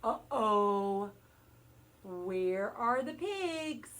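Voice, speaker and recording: A woman's voice: medium pitch, animated, fairly bright tone. A woman teacher reading a picture book aloud to young children, stopping to ask questions and make animal noises. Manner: slow, sing-song storytelling with questions and animal noises.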